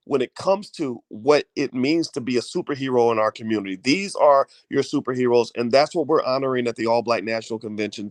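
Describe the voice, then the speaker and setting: A middle-aged man talks straight to his viewers with fervent energy, stumbling through fillers and repeated words. His voice sits at an ordinary pitch for a man. The sound is dry and close, with no room around it. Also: dry recording. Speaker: host. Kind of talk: casual video talk.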